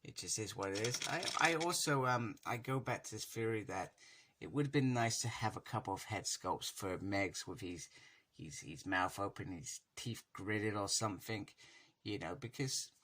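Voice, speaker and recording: Deep-voiced enthusiastic man. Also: animated, moderate pace, sharp tone. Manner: enthusiastic, chatty and meandering. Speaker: toy reviewer. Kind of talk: casual toy review.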